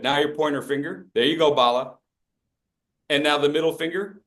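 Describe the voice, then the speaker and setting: A man leading a speaking workshop, calling out upbeat instructions and joking with the group. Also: a little high. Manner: upbeat, animated, jokes with the group; calls out instructions and audience names. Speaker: speaking coach. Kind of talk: interactive coaching workshop.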